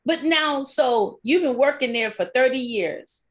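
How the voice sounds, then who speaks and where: High-pitched woman in casual chat, voice bouncing all over, acts out ppl. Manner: animated, acts out other people in quick bursts. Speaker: podcast co-host.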